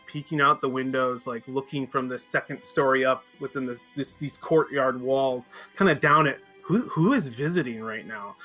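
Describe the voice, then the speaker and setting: A man's voice: a little high, pushed and bright. A man narrating as game master, describing scenes with frequent fillers and self-corrections.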